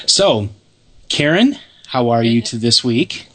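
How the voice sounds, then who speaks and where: A man's voice: mid-range voice, animated, slow, fairly bright tone. A man hosting a radio talk show, opening the program and steering the chat in an upbeat, casual way. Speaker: radio host.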